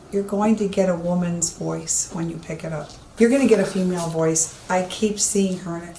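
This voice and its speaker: This woman's voice is lowish and a little mellow as she gives a psychic medium's commentary while moving through an empty old police station. She keeps repeating herself with emphasis. Faint hiss sits under the echo of the room.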